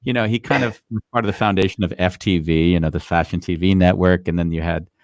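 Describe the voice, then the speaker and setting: A man's voice: deep voice, steady tone, fast, dry recording, studio quality. A man hosting a live interview, chatting casually and rambling with many fillers. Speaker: podcast host.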